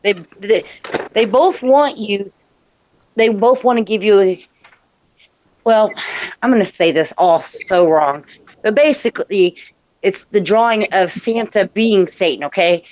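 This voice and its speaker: A woman's voice: mid-range voice, a little slow, pauses often, a little mellow, rough recording. A woman chatting casually on a live stream, talkative and self-deprecating, often getting tangled in what she is saying. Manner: chatty, self-deprecating, tumbling over her words.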